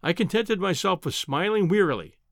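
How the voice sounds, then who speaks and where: Expressive male audiobook narrator. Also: high voice, normal speed, no room sound, studio quality. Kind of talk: scripted narration.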